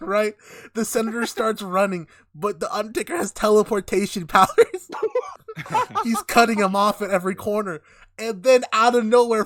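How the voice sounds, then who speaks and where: A man's voice: high voice, a bit bright, no echo, studio quality. A young man hosting a podcast, animatedly telling a made-up story, laughing and swearing often. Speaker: podcast host. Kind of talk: casual chat.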